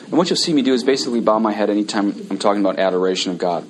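A low-pitched man teaches a room of students in a relaxed, conversational way. He recites long prayers and then stops to explain what he does at each point. A faint hiss sits under the recording. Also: very fast, hardly any pauses, rough recording. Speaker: priest teaching a class on the Latin mass. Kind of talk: casual classroom teaching.

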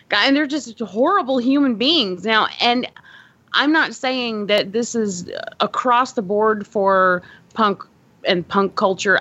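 A woman's voice: medium pitch, fairly bright tone, no room sound. Woman podcast host, rambly and profane, dry dull lo-fi sound. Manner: rambling, full of fillers and swearing. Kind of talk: casual podcast chat.

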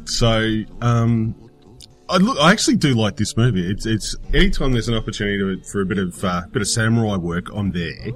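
A man's voice: fairly low pitch, lively intonation, brisk, faint music behind. A man with an Australian accent, just woken up, talking in a rambling, stop-start way as a podcast guest.

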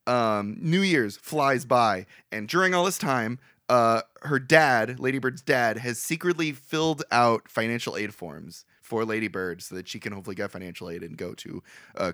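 A man's voice: lowish voice, expressive, moderate pace, fairly bright tone, dry recording, studio quality. A young man casually recapping a film's plot on a podcast, rambling and swearing, laughing often. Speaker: podcast co-host. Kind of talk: casual movie recap chat.

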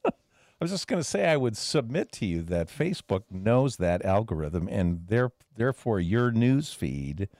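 Low-voiced radio co-host, makes his case slow and measured, lively tone. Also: no echo, clean studio sound. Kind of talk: casual radio talk show banter.

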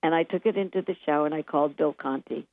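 An older woman with a fairly low voice tells lively showbiz stories, slipping into the voices of the people she quotes. She sounds thin and tinny, as if she is on a phone line, and the sound is dry and close. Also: quick pace, no room sound. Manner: lively anecdotes, acts out quotes, laughs often. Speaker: guest songwriter. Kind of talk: animated storytelling interview.

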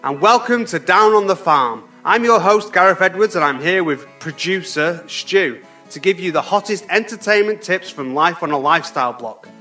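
A man's voice: sits high, lively intonation, normal speed, sharp tone, faint music behind. A man playing an exasperated bossy farm podcast host. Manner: exasperated, snapping insults. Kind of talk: scripted comedy sketch.

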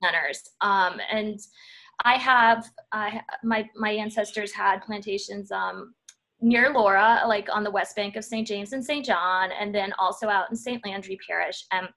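A woman, a historian talking through her path in a relaxed interview, pausing and restarting as she thinks. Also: medium pitch, vocal fry. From Louisiana. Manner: thoughtful, frequent restarts and fillers. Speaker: historian guest. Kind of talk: casual interview talk.

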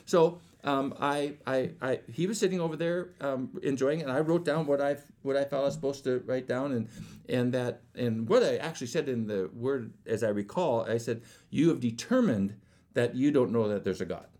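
Rambling man with a mellow voice. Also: medium pitch, normal speed. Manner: rambling, stumbling restarts, acts out quoted dialogue. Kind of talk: casual storytelling.

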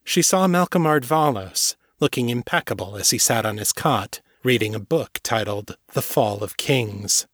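A man reading a novel aloud in a steady, measured way, close to the mic. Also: medium pitch, no echo. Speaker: audiobook narrator. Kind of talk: scripted narration.

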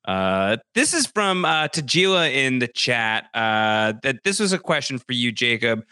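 A man's voice: medium pitch, big pitch swings, measured pace, sharp tone, clean tone, no echo. A man hosting a casual live-stream interview over a video call, upbeat and reading out viewer questions. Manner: upbeat, narrates for audio listeners.

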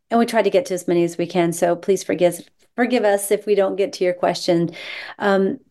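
A woman co-hosting a health radio show, speaking gently and haltingly with lots of filler ums while she introduces a question. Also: medium pitch.

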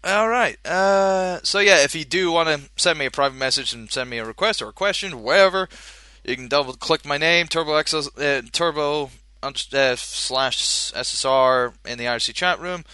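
A man's voice: on the high side, moderate pace, sharp tone, clean tone, no room sound, studio quality. A man hosting a podcast, chatting casually and jokily, rambling with many fillers. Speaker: podcast host. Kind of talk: casual chat.

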